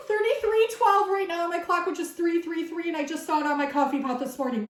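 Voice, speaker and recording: A woman doing a casual tarot reading for her viewers, excitable and swearing freely as she talks straight to the camera. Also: extremely high pitch, fast, hardly any pauses, echoey room, rough recording. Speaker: tarot reader. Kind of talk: casual spiritual reading vlog.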